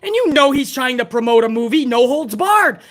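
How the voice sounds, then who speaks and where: A woman's voice: high voice, lively intonation, normal speed. A woman hosting a live wrestling review stream, ranting bluntly and heatedly with plenty of profanity. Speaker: wrestling show host.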